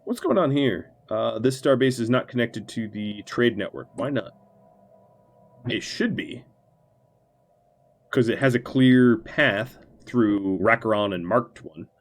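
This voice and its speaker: Over faint game music, this streamer gleefully hams it up as a mock villain while giving relaxed, playful commentary on his strategy game. His voice is mid-range and unhurried.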